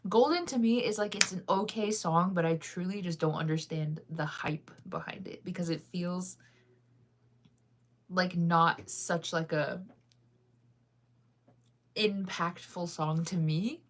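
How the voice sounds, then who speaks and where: A woman's voice: lowish voice, slow, long pauses. A young woman chatting casually with her viewers while she reads comments, laughing often. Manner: chatty, laughs often, sings snippets off-key. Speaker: livestreamer reading comments.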